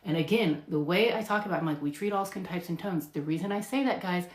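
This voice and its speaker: A woman's voice: on the low side, fast talker. A woman nurse practitioner answering viewer questions in casual live talk, emphatic and chatty, with lots of fillers and acted-out patient lines. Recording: echoey room.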